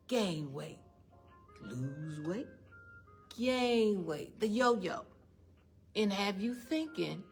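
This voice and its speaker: A woman with a fairly low, expressive voice talks a little slowly over soft background music. Before an audience in an event room and online, she delivers emphatic faith-based motivation, firing rhetorical questions and calling everyone "honey."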